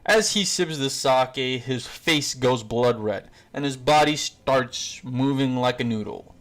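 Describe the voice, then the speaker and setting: A man's voice: mid-range voice, takes it slowly, fairly bright tone. A man narrating a fan-made story in a casual, rambling way, with fillers and self-corrections.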